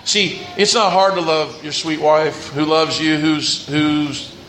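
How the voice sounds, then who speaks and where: A man's voice: fairly high pitch, fairly even intonation, slow, a bit bright, a little hiss or hum. A man preaching a sermon as pastor, earnest, with rising and falling intensity. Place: church sanctuary. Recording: echoey church room.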